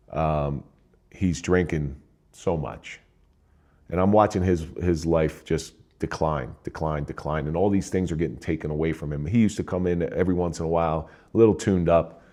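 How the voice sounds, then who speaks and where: A man's voice: deep voice, warm tone. An older man from New Jersey, a retired police officer, telling a somber personal story in a plain-spoken way.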